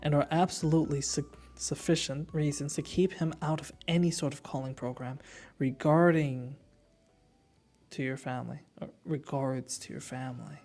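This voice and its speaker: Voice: mid-range voice, steady tone, normal speed, darkish tone, faint music behind. A gamer giving let's play commentary, chatty and giggly, talking to viewers.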